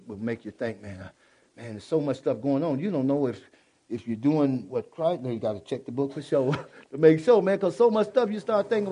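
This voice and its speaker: A man's voice: a little high, warm tone. Folksy preacher man with a drawl. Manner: folksy, exclaiming, prone to laughter. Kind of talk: sermon.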